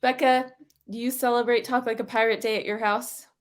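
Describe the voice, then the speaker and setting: A woman's voice: a little high, flat delivery, fairly quick. A woman co-hosting a podcast in a casual, playful and upbeat chat, joking along as she talks. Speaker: podcast co-host.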